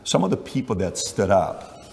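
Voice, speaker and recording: A man's voice: fairly low pitch, big pitch swings, normal speed, vocal fry, a little mellow, long reverb tail. A man hosting an interview, telling stories in a chatty way and acting out the dialogue in them. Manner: chatty storytelling, acts out dialogue. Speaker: interviewer and host. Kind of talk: conversational interview.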